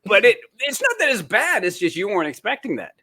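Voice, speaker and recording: A man, a guest author chatting casually in an interview and telling animated, rambling stories. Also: sits high, quick pace. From born in Canada, raised in the United States. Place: home in New Zealand.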